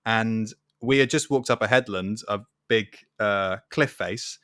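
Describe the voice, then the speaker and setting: A man's voice: lowish voice, unhurried, a bit bright, clean tone, no echo, clean studio sound. A young man telling stories animatedly in a casual podcast chat, laughing often. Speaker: podcast co-host.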